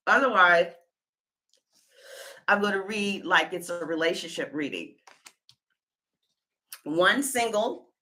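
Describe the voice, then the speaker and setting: Bright-voiced chatty woman tarot reader. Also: mid-range voice. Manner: chatty, thinks aloud, trails off and restarts. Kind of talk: live-stream tarot reading, chatting with viewers.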